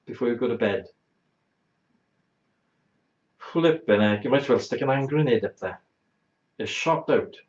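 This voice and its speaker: A man's voice: medium pitch, expressive, brisk. A man hosting a talk show, telling a blunt, exaggerated, bawdy comic anecdote. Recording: roomy, dull lo-fi sound.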